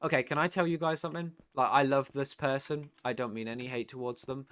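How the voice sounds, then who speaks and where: A tired British man chatting casually on a live stream, swearing freely and getting loud and worked up when he rants. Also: mid-range voice, steady tone, quick pace, smooth, no room sound, studio quality. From Britain.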